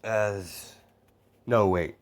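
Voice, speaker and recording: Brief: young adult man, deep voice, off-the-cuff rambling story narration. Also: very slow. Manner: rambling, off-the-cuff, self-correcting. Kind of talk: improvised fan-fiction narration.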